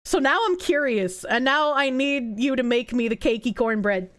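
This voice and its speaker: A woman with a New Jersey accent streaming live, reacting to chat in a loud, crude, animated way and breaking into shrieking laughter. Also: sits high, normal speed.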